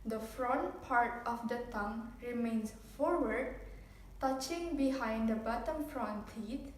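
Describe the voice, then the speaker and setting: A woman student presenting a scripted phonetics lesson, explaining each sound slowly and carefully. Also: fairly high pitch. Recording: echoey room with faint noise.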